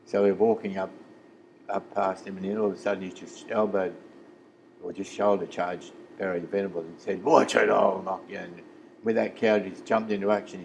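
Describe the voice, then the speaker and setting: A man's voice: deep voice, a little mellow, a little hiss or hum, low-quality recording. A man in his seventies with an Australian accent, a former footballer telling rambling stories in a casual interview and acting out the voices he quotes. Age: 70s. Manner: rambling yarn-teller who acts out quoted voices.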